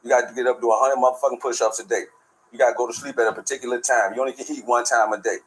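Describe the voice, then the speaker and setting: Male host, AAVE, rapid profane spiritual rant, mid-pitched voice. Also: fairly even intonation, low-quality recording. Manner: streetwise, profane, preachy storytelling. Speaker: show host. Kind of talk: casual spiritual monologue.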